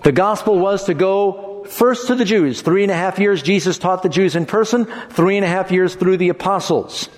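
A man preaching a sermon, expressive, acting out quoted lines in changing tones. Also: high-pitched, moderate pace, few pauses. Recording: long hall reverb.

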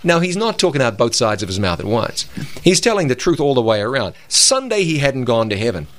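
A man's voice: medium pitch, sing-song, fairly quick. A man co-hosting a religious radio talk program, explaining Bible passages step by step in an emphatic, conversational way.

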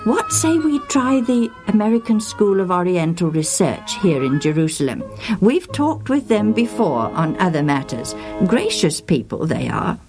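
A woman's voice: fairly low pitch, very animated, normal speed, over music. A woman voicing a polite, flustered male priest and librarian who hesitates with frequent "uh"s and apologies. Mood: thoughtful. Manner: hesitant, with many ums and apologetic asides.

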